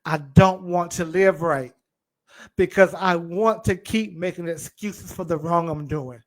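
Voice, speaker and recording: A man preaching a sermon, acting out a wrongdoer's mindset in the first person and swinging between loud cries and low murmurs. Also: measured pace. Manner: speaks in first person as a wrongdoer to make a point.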